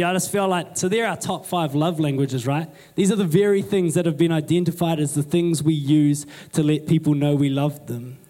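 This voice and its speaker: Here a young New Zealand man delivers a sermon as a pastor, his voice a touch high and mellow. He talks to the congregation casually, asking rhetorical questions and tagging "eh?" onto the end of what he says.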